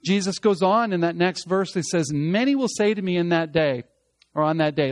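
High-voiced emphatic male preacher. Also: expressive, moderate pace, no room sound. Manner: emphatic preaching, swinging between loud and hushed. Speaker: pastor. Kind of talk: sermon.

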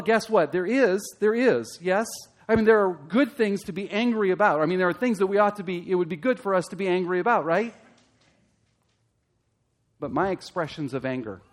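A male pastor delivering a sermon in a somewhat high voice. He talks straight to the congregation with pointed questions and swells into loud, emphatic stretches. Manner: impassioned, rising to loud emphatic peaks.

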